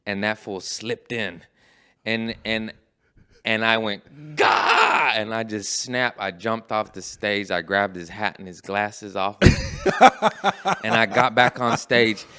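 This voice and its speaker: A man who is a stand-up comedian, telling a story in casual podcast chat, animated and profane, acting out quotes. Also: fairly low pitch, slow pace, smooth.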